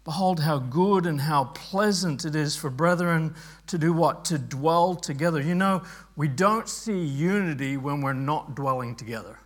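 Earnest higher-voiced male pastor. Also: unhurried. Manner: earnest, repeats words while thinking aloud; soft prayer voice, then builds to emphatic teaching. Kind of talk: sermon.

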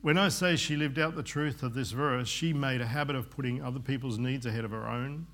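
A man's voice: medium pitch, a little fast, fairly bright tone. A man in his fifties, a pastor preaching in a church hall, earnest and rambling with asides and restarts. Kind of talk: sermon.

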